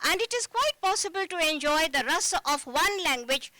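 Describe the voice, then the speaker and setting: Casting note: woman from India, author at a live panel, high bright voice, dry close sound. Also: expressive, moderate pace, no echo, low-quality recording. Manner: reflective, with frequent fillers. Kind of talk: festival panel conversation.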